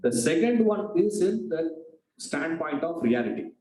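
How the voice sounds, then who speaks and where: A man's voice: a little high, very animated, unhurried, dark tone, a little hiss or hum. A man teaching a scripture class, asking his students rhetorical questions. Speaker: Vedanta teacher. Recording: echoey room.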